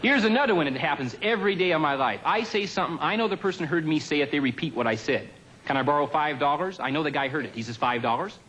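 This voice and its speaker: A man doing a stand-up comedy routine on a television studio stage, with a dry, deadpan observational delivery and offhand asides. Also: fairly high pitch, racing, hardly any pauses, a faint crowd, slight background noise, poor audio.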